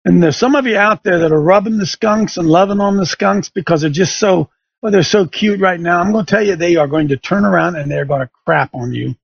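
Recorded dry on a studio mic with the highs cut off, a middle-aged man hosting a show spins a folksy tale into an emphatic, preachy lesson for his radio audience. His voice is high-pitched, brisk and husky, with vocal fry.

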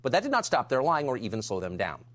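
A man's voice: medium pitch, big pitch swings, quick pace, fairly bright tone. A man delivering a scripted monologue in an indignant, emphatic way. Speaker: commentator.

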